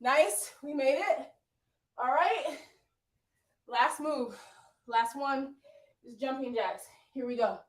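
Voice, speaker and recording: A woman's voice: sits high, slow, long pauses. A woman fitness instructor coaching a live workout, upbeat and out of breath, cheering and counting down. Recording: echoey room from far off.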